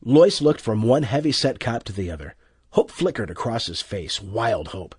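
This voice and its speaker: A man narrates an audiobook with tense, expressive storytelling. His husky voice moves across a wide pitch range, and the dry, close sound leaves no room echo. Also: normal speed.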